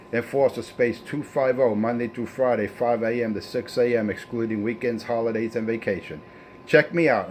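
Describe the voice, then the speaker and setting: A man's voice: mid-range voice, darkish tone, slight background noise. A man on CB radio, bantering with other operators in a boastful, folksy way and signing off with his handle. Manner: boastful, folksy, trash-talking. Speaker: CB radio operator and channel host.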